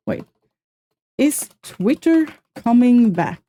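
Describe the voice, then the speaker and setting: A young woman streaming, chatting casually and self-mockingly with her viewers in quick exclamations. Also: on the high side, very animated, mellow. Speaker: streamer reacting to a video. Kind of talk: casual live-stream chat.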